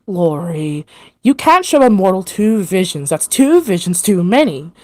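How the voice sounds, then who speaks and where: A woman's voice: on the low side, sing-song, measured pace, warm tone, dry recording. Give me a defensive, bickering seer woman, as a woman acts her out.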